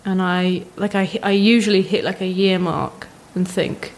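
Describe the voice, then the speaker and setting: A young woman, a podcast guest chatting casually, self-mocking and animated, acting out what others say. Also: on the low side, moderate pace. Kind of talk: casual chat.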